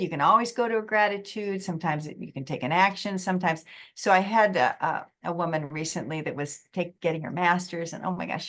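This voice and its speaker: A middle-aged woman giving a motivational webinar talk, acting out quotes in an animated way. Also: on the low side. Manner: lively, animated, acts out quotes. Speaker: presenter.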